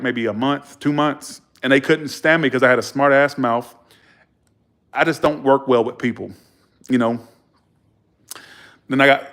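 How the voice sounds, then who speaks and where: A man telling stories to camera in a casual vlog, blunt and profane, animated and chuckling between remarks. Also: mid-range voice. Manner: blunt, profane, animated storyteller who acts out arguments. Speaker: vlogger.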